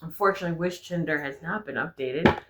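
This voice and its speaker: A young adult woman vlogging, telling personal stories in a frank, animated way and swearing freely. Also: low voice, quick pace. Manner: frank, profane, animated storyteller. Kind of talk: candid personal storytelling.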